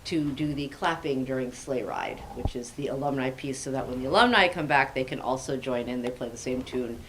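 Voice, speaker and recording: A woman's voice: extremely low pitch, brisk. A woman giving chatty, upbeat school announcements at a committee meeting, with a joking manner. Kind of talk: meeting report. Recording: noisy meeting recording.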